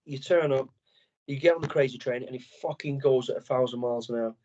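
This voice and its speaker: A man's voice: mid-range voice, fast, highs cut off. A middle-aged man, a former soldier telling stories as a podcast guest, blunt and full of swearing. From England. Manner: blunt, heavy swearing, animated storytelling. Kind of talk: casual interview chat.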